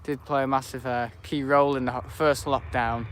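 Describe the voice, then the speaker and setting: Guy rambling through live planespotting commentary outdoors, mid pitch, bit of background hiss. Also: little pitch movement, brisk, a bit bright. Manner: rambling, chatty, self-correcting. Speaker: planespotting livestreamer. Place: outdoors beside an airport.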